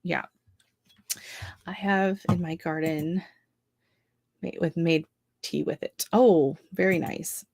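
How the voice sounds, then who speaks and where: A woman's voice: on the low side, steady tone, slow, vocal fry, long pauses, darkish tone, no echo, studio quality. A middle-aged woman hosting a home gardening live stream, chatting casually and rambling through asides. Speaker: gardening channel host.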